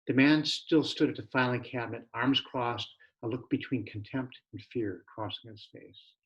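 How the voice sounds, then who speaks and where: A man, the author, reading his own novel aloud in plain, steady narration. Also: medium pitch, moderate pace, dull audio. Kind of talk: audiobook narration.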